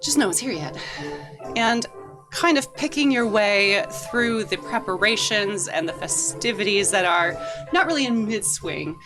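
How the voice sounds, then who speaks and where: A woman narrating a tabletop game as game master, in a relaxed, descriptive way with casual fillers. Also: mid-range voice, a little slow, over music. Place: tabletop session with friends.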